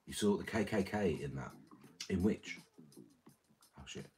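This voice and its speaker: A man's voice: low-pitched, animated, unhurried. A man reading out and answering chat on a livestream, rambling with crude, mumbled banter. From Britain. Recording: streamer mic with loud music behind. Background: music playing.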